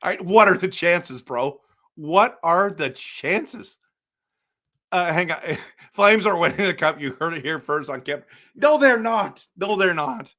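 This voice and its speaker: A man hosting a casual live stream for viewers, excitable and exasperated, breaking into loud outbursts. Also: on the high side, a little slow. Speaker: livestream host.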